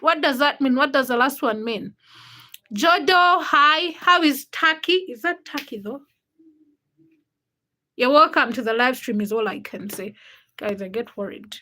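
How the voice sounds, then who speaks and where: Woman livestream host from Uganda, high bright voice, chatty and friendly, reading and answering comments from home. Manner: chatty, greets viewers by name, answers comments. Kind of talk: casual livestream chat greeting viewers.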